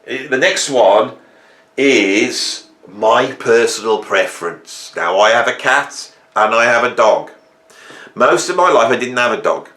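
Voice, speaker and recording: A man in his fifties hosting a casual monologue, rambling and humorous as he tells animated stories. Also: mid-range voice, slow. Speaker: host. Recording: roomy echo.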